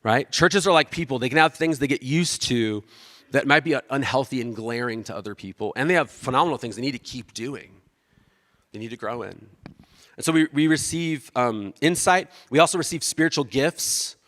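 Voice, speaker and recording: Casual bright-voiced male pastor preaching. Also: mid-range voice, moderate pace, big-room sound. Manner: casual, self-deprecating, acts out quoted voices. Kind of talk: conversational sermon.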